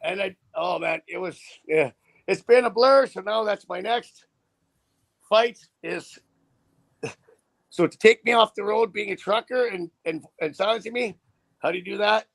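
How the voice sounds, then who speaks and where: A man's voice: high-pitched, a little slow, vocal fry, pauses often. A middle-aged man who drives a truck, talking in a blunt, profane, rambling way with many restarts. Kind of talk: casual on-camera chat.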